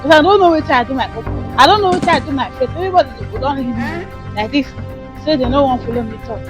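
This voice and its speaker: A woman with a Nigerian accent in a comedy skit, rambling excitedly with loud outbursts. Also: high-pitched, racing, music in the background.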